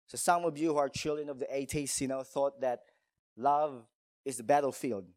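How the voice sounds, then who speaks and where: A man's voice: medium pitch, fairly even intonation, normal speed, darkish tone, no echo, studio quality. A male pastor preaching a sermon in a church, emphatic, telling stories and asking rhetorical questions.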